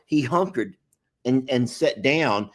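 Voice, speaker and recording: A man's voice: medium pitch, animated, takes it slowly. A middle-aged man telling stories in casual chat, rambling and laughing often. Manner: rambling storyteller, laughs a lot, does voices in quotes. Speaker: co-host.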